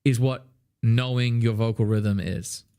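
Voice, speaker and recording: A man teaching music in a casual livestream, animated and loose, peppering his talk with "like" and the odd swear word. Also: medium pitch, measured pace. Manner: sings song snippets to demonstrate. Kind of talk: casual livestream song feedback.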